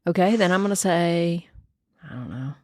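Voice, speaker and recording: Excitable woman in her fifties. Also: fairly low pitch, normal speed, no echo, clean studio sound. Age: 50s. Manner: chatty and excitable, with lively cheering. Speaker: podcast co-host. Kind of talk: casual chat.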